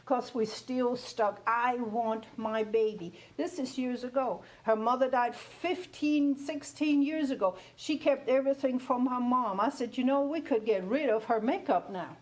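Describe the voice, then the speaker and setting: A woman's voice: sits high, moderate pace, hardly any pauses, a little mellow. A woman in her fifties who learned English as a second language, talking through a topic in a conversational way, laughing often and checking whether you hear her. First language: not English. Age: 50s. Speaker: guest speaker on grief. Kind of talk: conversational teaching talk.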